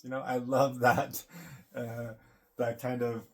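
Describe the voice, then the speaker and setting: A man's voice: medium pitch, little pitch movement, slow pace, long pauses. A man vlogging in a casual, meandering monologue, full of fillers and frequent laughs. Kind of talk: casual rambling monologue to camera.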